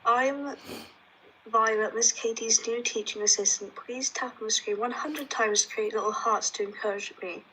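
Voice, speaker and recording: A woman guest on a remote call, reading a card aloud quietly and flatly, without enthusiasm. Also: on the high side, moderate pace, slight background noise, low-quality recording. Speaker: live-stream guest.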